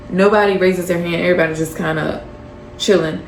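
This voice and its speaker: Low-voiced woman recapping gossip. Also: flat delivery, moderate pace, reverberant, a little hiss or hum. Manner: gossipy, profane, offhand with many fillers. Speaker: reality TV recap host. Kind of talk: casual episode recap.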